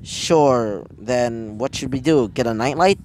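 A flustered teenage boy at hero school, wary and awkward, hesitating as he talks, as a man reads him in his own voice. He speaks slowly, with faint background noise. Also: medium pitch, darkish tone, voice pushed down, natural voice, rough recording.

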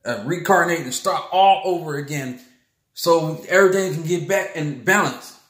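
A man, speaking a little higher than most men. His voice rings around an echoey room. He rants in a repetitive, worked-up way. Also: normal speed, fairly bright tone. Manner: heated, repetitive, keeps saying "man" and "bull crap". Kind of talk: rambling spiritual monologue.

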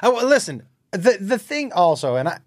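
Earnest man guest, slightly high voice. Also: big pitch swings, moderate pace, no room sound, studio quality. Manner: earnest, searches for words, restarts sentences. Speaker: comedian guest. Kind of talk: casual chat.

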